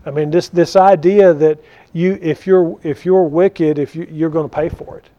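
A man teaching a conversational Bible study, animated and full of questions to his listeners. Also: on the high side, moderate pace. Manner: animated, rhetorical questions to the audience. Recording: dull lo-fi recording.

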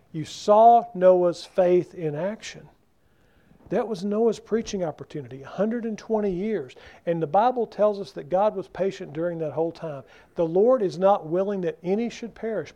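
A man's voice: sits high, dark tone. A male pastor preaching a sermon, talking conversationally and asking the congregation questions. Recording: dull lo-fi sound.

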